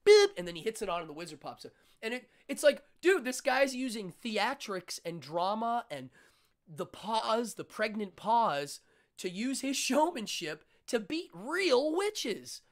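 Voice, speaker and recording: A man hosting a casual interview chat, telling stories in an animated, excitable way. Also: high-pitched, unhurried. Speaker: host.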